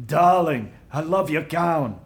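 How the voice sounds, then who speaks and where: A glamorous old screen star woman, tipsy and drawling, purrs "darling" at everyone, as a man puts her on in a family radio play. The voice sits somewhat high for a man and swings widely in pitch, and she takes her time with every word. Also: animated, takes it slowly.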